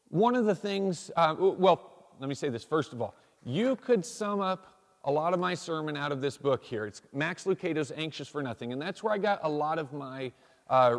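Higher-voiced folksy pastor in a reverberant hall. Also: male voice. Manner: folksy, self-deprecating, frequent restarts. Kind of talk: casual sermon. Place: church sanctuary.

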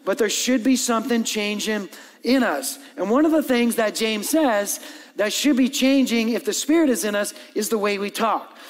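Pastor, male, lively sermon delivery with playful asides, higher voice, big echoing church. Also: moderate pace. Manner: animated, acts out dialogue and jokes with the congregation. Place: church hall with long reverb.

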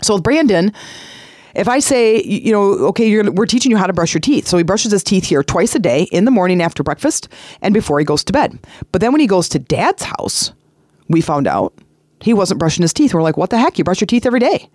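A middle-aged woman talks through a self-help podcast in an earnest, chatty way, circling back to her points and leaning into a sing-song lilt. Her voice sits at an ordinary middle pitch and sounds close and dry, with almost no room around it. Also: big pitch swings, brisk, darkish tone, dry recording. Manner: earnest, repetitive, conversational with sing-song emphasis. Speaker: podcast host.

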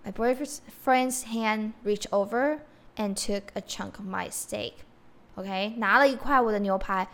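A young woman hosting a podcast lesson, repeating phrases slowly and explaining them word by word. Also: medium pitch, fairly bright tone. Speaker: Mandarin teacher, podcast host. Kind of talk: bilingual language lesson.

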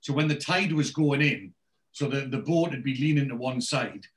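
A man's voice: mid-range voice, expressive, moderate pace. A man retelling a television episode in casual chat, swearing freely and rambling with restarts. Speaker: podcast co-host. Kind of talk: casual chat recapping a TV show.

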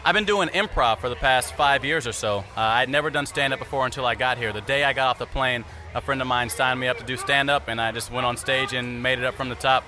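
A comedian from California speaking confidently and upbeat in an interview. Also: male voice, medium pitch, fast, few pauses, bright, forceful tone.

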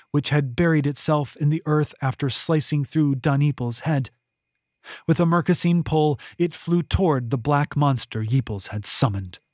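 A man reads his own fantasy novel aloud in a measured, steady audiobook style. He leans into the dramatic moments. His voice sits a little high for a man, and the recording is dry and close with no room sound. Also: dry recording. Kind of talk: scripted audiobook narration.

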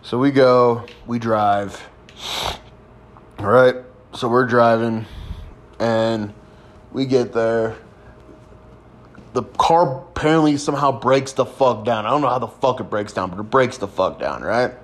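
A man's voice: mid-range voice, a little slow, pauses often. Crude laid-back young man telling stories. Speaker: podcast host. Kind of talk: casual storytelling.

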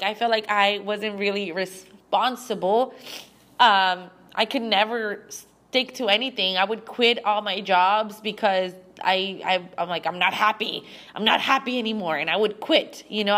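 A young woman talks to her listeners in a halting, emotional monologue, restarting her sentences as tears come close. Her voice is bright and sits a little high. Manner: halting, with frequent restarts and fillers. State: teary. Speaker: podcast host.

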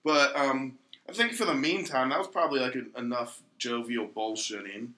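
Chill guy hosting, bright voice, kinda echoey room, swears casual. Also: medium pitch, normal speed, a little hiss or hum. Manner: laid-back, loose, swearing. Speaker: podcast host. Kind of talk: casual chat, explaining a game.

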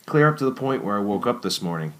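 A worn-out young man who answers with dry humor and quiet resignation, voiced by a male narrator. He speaks low-key and a touch subdued. Soft guitar sits behind the voice. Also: big pitch swings, quick pace, noisy background. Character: weary young man, recently separated.

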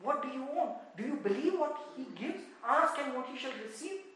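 High-voiced Indian-accented woman preaching in an echoey hall. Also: expressive, a little fast. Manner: impassioned, swings from loud exclaiming to hushed murmuring. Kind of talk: sermon. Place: church in Texas.

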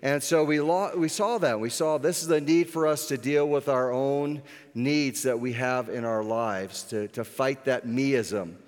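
A man preaching a sermon as pastor, earnest, slowing down on key points, with occasional restarts. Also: medium pitch. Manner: earnest, with restarts and slowed emphasis. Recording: echoey hall with long reverb.

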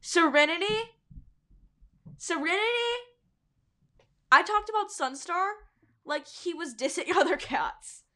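High pitched bright woman podcaster reading her old fanfic, giggly side comments. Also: expressive, a little slow. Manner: playful, giggly asides. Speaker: podcast host.

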